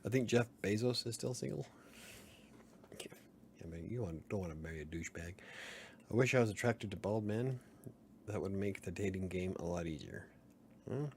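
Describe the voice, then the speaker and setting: Low-pitched male streamer, loose rambling chat, chuckles often, faint room hum behind. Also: moderate pace, long pauses, a little mellow. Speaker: livestream host. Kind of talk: casual late-night livestream chat.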